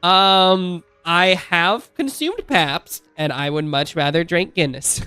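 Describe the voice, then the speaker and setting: A man's voice: high-pitched, slow pace, bright, forceful tone, smooth, dry recording, soft background music. A man in his thirties chatting casually on a live stream, rambling through asides and laughing often.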